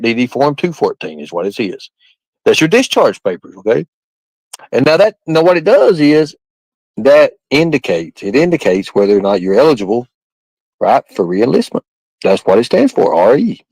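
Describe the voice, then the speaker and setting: A man's voice: medium pitch, big pitch swings, moderate pace, a little mellow, no echo, low-quality recording. A man hosting a live stream, rambling and repeating himself while quizzing his chat with questions. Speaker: livestream host.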